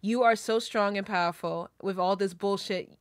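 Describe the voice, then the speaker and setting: A woman's voice: mid-range voice, steady tone, moderate pace, no room sound. A woman streamer reading birthday messages aloud, emotional and tearful, laughing between lines. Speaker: VTuber streamer.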